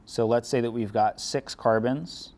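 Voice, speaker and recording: This classroom lecture comes from a chemistry instructor whose medium-pitched, darkish voice holds a fairly even intonation at a measured pace. He walks through the material step by step, casually and with a dry, sarcastic edge.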